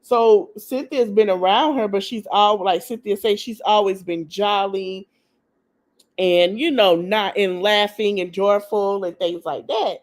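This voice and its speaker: Speaking a little slowly in a steady, mid-range voice, a woman podcast host gossips her way through a casual recap of a TV show. She chats in slang, calls her listeners "y'all" as though they're friends, and performs the voices of people she quotes.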